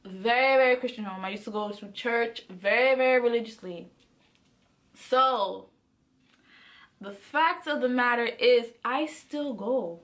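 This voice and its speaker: Young woman vlogger, high-pitched and bright, animated and chatty storytime delivery. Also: measured pace. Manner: animated, chatty, speaks straight to viewers. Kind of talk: casual storytime.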